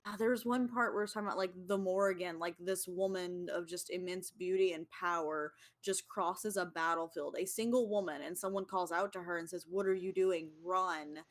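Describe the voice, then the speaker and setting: A woman's voice: lowish voice, a little fast, hardly any pauses. A woman co-hosting a podcast, chatting casually and enthusiastically, with rambling sentences full of fillers. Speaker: podcast co-host. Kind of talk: casual chat and reading writing prompts.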